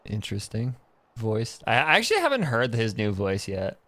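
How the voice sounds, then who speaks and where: A man's voice: fairly low pitch, wildly swooping pitch, normal speed, a bit bright, no room sound. A man casually commenting on a game as he plays, joking and swearing. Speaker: streamer. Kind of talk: gameplay commentary.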